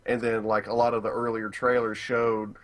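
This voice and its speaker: A man's voice: fairly low pitch, little pitch movement, normal speed, a bit bright. A young man co-hosting a video game chat, rambling with lots of fillers, swearing and voicing strong opinions. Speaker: gaming channel co-host. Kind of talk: casual chat.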